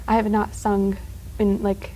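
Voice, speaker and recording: A woman's voice: medium pitch, completely flat delivery, dark tone, a little hiss or hum, low-quality recording. Chatty young woman who rambles happily. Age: teens. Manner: rambling, full of filler words and quick laughs. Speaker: student guest. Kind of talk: casual chat.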